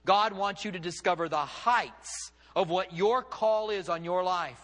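Male pastor preaching, high bright voice, big dramatic swings, echo off a big church hall. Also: a little slow. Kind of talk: sermon. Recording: long hall reverb.

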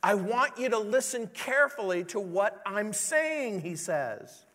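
Pastor, man, earnest sermon, slow and deliberate, high voice, long hall echo. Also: lively intonation, fairly bright tone. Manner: earnest preaching, pleading rhetorical questions.

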